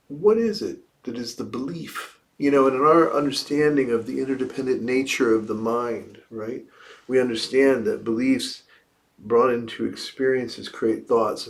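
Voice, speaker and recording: Slow, reflective male Buddhist teacher. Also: mid-range voice. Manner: reflective, asks rhetorical questions and repeats key phrases. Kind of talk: dharma talk after meditation. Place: livestreamed evening service.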